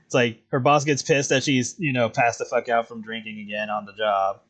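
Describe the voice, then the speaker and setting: A man streaming while he draws, chatting casually in a relaxed, rambling way with plenty of swearing. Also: medium pitch, a little fast. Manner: relaxed, profane, rambling with chuckles. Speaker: streaming artist. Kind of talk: casual chat while drawing.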